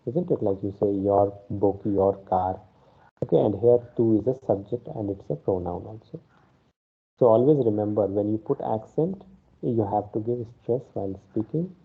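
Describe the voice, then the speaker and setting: A man's voice: lowish voice, vocal fry, breathy edge. A man teaching a Spanish class online, explaining step by step and often checking in with an "okay". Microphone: video call. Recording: phone-like online class audio.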